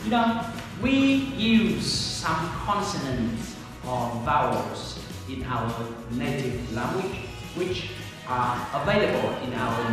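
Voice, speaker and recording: A man with a Vietnamese accent teaching English pronunciation, speaking slowly and carefully and repeating words as drills. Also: fairly high pitch, heavy reverb, in a large hall, distant mic, rough recording. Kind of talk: pronunciation lesson talk.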